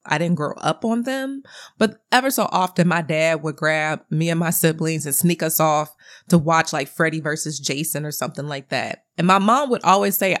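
A woman's voice: low-pitched, normal speed, fairly bright tone. A woman in her thirties, a podcast host telling a story in a casual, candid way and swearing freely. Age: 30s.

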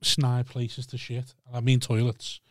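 A man's voice: mid-range voice, completely flat delivery, dry recording, clean studio sound. A man hosting a crude, casual podcast chat, swearing freely as he talks. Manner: fast, sweary banter.

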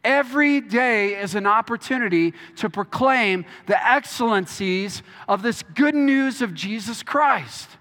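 High-voiced bright pastor preaching in a hall. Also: male voice, lively intonation, unhurried, hardly any pauses. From Texas. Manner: earnest, repeats words and restarts often. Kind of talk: sermon. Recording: long hall reverb.

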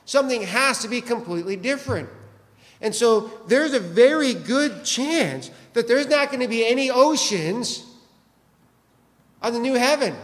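A man's voice: high voice, long reverb tail. A man preaching a sermon as pastor, conversational and joking, asking the congregation questions.

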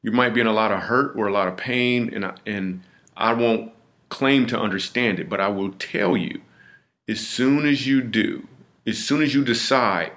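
Low-voiced man telling an earnest story. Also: normal speed, fairly bright tone. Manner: earnest and vivid, with frequent restarts and repetitions. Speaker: comedian guest. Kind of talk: personal storytelling in a podcast interview.

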